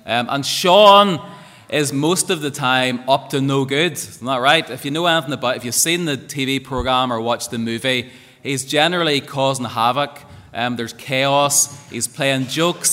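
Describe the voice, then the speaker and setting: A man's voice: medium pitch, sharp tone. A man leading a school assembly, upbeat and asking the children questions. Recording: echoey hall reverb.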